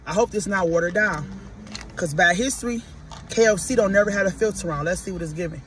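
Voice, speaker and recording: A man from Detroit with a Detroit accent, chatting casually to viewers while he eats and reviews fast food, often calling them "y'all". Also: high-pitched, fairly bright tone, slight background noise. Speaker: podcast host reviewing food.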